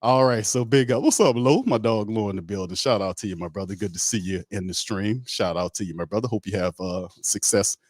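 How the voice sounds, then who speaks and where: A man's voice: lowish voice, fairly quick, few pauses, no echo, studio quality. A man hosting a casual sports talk livestream, joking and talking in slang. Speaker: host.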